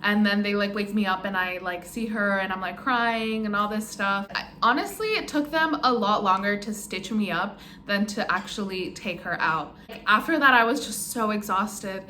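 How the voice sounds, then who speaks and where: A woman's voice: mid-range voice, normal speed, pushed and bright, a little hiss or hum. A young woman vlogger casually telling her birth story, rambling with lots of "um" and "like". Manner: rambling, many fillers like "um" and "like". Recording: roomy echo.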